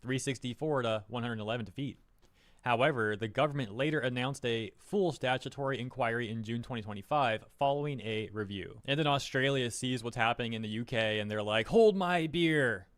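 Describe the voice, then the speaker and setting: A man's voice: medium pitch, brisk, fairly bright tone, no echo. A man doing online commentary, reading news headlines aloud with wry, mocking asides.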